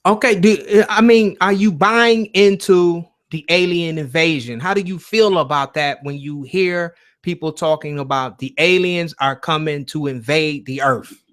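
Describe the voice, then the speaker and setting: A man's voice: fairly high pitch, measured pace, fairly bright tone. A man hosting a call-in show, chatting loosely and bluntly with callers over a shaky internet connection. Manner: loose, blunt, swears casually. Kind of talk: casual call-in chat.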